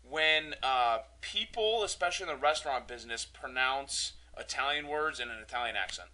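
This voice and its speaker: A man's voice: medium pitch, lively intonation, moderate pace, sharp tone, low-quality recording. A man co-hosting a casual podcast, teasing with dry humor. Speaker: podcast co-host.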